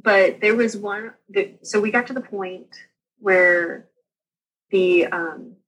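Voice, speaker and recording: A woman, a podcast guest candidly retelling her own experience with lively asides. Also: medium pitch, slow pace, husky, low-quality recording. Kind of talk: casual storytelling interview.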